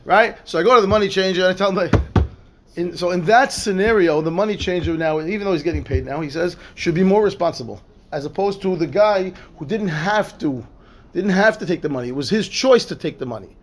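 Rabbi guy teaching talmud, high voice, reads hebrew then explains, lots of "right?". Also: a little fast. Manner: repeats words and restarts, asks "right?" often. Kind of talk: lively Torah class, reading Hebrew text and explaining.

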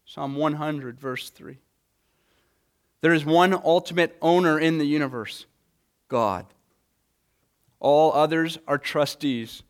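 A man's voice: a little high, takes it slowly, long pauses. A man preaching a Sunday morning sermon, earnest, often repeating words as he presses a point. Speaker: pastor.

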